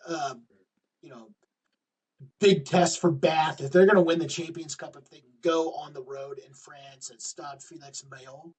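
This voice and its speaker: A man with a slightly husky voice talks rugby in a loose, conversational way, leaning on fillers as he works through the weekend's matches. He sits a bit away from his microphone, so he sounds slightly distant. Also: on the high side, fairly even intonation, moderate pace, a little mellow. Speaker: podcast co-host. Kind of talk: casual sports chat.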